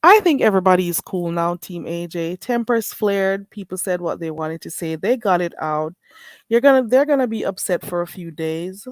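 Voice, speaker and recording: A woman hosting a live stream in casual chat, chatty, with drawn-out exclamations. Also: lowish voice, animated, a little mellow, dry recording. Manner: chatty, drawn-out "ooh"s and frequent laughter.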